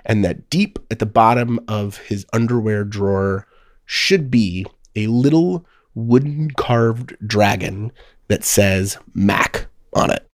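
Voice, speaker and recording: A man's voice: on the low side, slow, dry recording. Joking, swearing man player, dry sound. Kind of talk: casual tabletop play.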